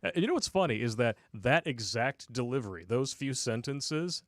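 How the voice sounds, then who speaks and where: A man's voice: medium pitch, expressive, moderate pace, no room sound. Wry man with dry asides. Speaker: podcast co-host. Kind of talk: casual talk show banter.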